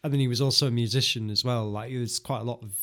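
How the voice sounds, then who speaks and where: A man's voice: medium pitch, fairly even intonation, fast talker. A man co-hosting a casual chat, agreeable and chiming in often. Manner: chatty, agreeable, chimes in often. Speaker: podcast co-host.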